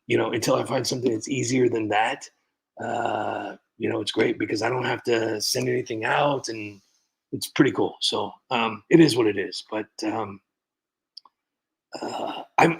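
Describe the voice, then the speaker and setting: A man with a gravelly, husky voice talks casually into a desk mic on his livestream. He rambles and restarts his sentences and sighs now and then as he greets his viewers. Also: mid-range voice, normal speed, low-quality recording. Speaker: livestream host.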